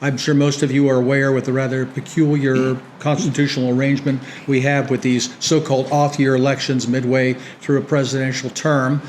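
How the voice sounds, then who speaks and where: A man's voice: mid-range voice, level tone, brisk, hardly any pauses, darkish tone, a little hiss or hum. A middle-aged American man giving a lecture to an audience, ironic and dry, often restarting his sentences. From United States. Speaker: guest speaker. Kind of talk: public lecture with banter.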